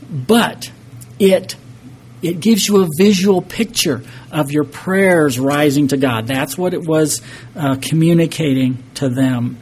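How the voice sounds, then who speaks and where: Earnest preaching man, mellow voice. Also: on the high side, a little hiss or hum. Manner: earnest, emphatic preaching with restarts. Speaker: pastor. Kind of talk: sermon.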